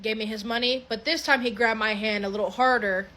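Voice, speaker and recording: A young adult woman tells a creepy story in a casual, animated way, swearing freely and often restarting her sentences. Her voice is a little high and she speaks a little fast.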